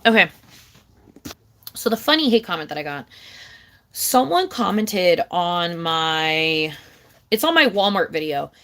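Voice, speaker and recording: A young woman vlogger ranting casually to camera, swearing a lot and rambling, with big jumps in pitch and loudness. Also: sing-song, unhurried, pauses often.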